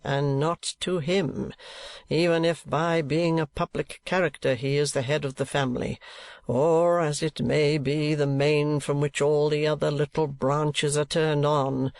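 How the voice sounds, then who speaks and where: A man puts on a smug, tight-fisted old rate collector for a storybook reading, drawing out each word slowly in a fussy, self-satisfied way. The voice sits a touch higher than usual and comes across close and dry, with no room around it. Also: dry recording. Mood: pompous. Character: pompous, penny-pinching older male rate collector.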